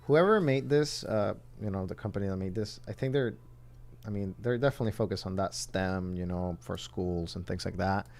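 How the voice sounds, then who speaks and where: A man's voice: low-pitched, moderate pace, a little mellow. A man from the southern United States chatting casually on a livestream while building a phone kit, rambling and thinking aloud as he works.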